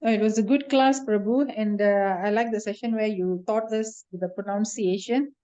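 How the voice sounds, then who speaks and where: Female student, warm mellow tone, hesitant feedback on a call. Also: mid-range voice, steady tone, normal speed, lo-fi sound. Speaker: class participant. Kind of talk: casual feedback.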